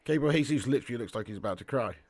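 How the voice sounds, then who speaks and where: A man hosting a live football watch-along, giving commentary and reading out chat in an excitable, slangy way with indignant outbursts. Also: mid-range voice, rapid-fire, slightly rough, no room sound. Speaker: match watch-along host.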